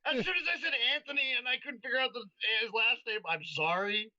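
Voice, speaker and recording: A man's voice: very high voice, very animated, fast talker, sharp tone, no room sound. A man co-hosting a casual podcast chat, rambling with restarts and laughing easily. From Irish heritage, New England. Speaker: podcast co-host. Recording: dull lo-fi sound.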